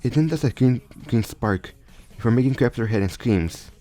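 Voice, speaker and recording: A man's voice: medium pitch, lively intonation, normal speed, warm tone. A man casually improvising a story aloud, often stumbling and restarting his sentences. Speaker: storyteller retelling a fan crossover story. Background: faint background music.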